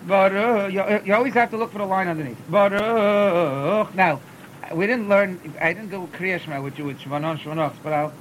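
A man's voice: sits high, fast, few pauses, a bit bright, slight background noise, low-quality recording. A man teaching cantillation in a class, often repeating words as he explains and chanting short examples. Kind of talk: classroom lesson.

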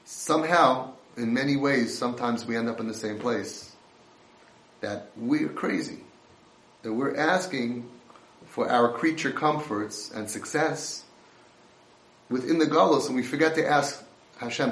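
A man giving an impassioned sermon, swinging between hushed and loud delivery. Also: mid-range voice, measured pace. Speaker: religious speaker. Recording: roomy echo.

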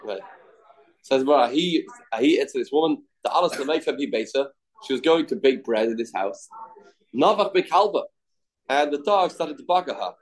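On poor audio, a man leads a Talmud lesson at normal speed, his intonation lively. He moves between English commentary and quoted Aramaic and Hebrew, performing the quoted voices with sudden shifts in pitch.

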